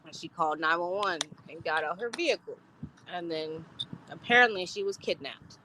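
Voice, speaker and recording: A woman's voice: lowish voice, lively intonation, normal speed, background noise. A woman co-hosting a podcast, telling stories bluntly and animatedly in casual chat and swearing. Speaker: podcast co-host.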